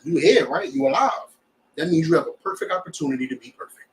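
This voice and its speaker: A man teaching a scripture class in an animated way, often checking that his students understand. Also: a little high, fast talker, far from the mic, low-quality recording.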